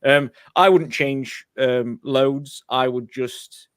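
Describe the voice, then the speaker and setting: A man's voice: medium pitch, fairly even intonation, slow, a bit bright, dry recording. Chatty man hosting a dry-sounding fan show. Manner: chatty, candid, with frequent ums. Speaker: host of a fan football show. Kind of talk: casual fan chat.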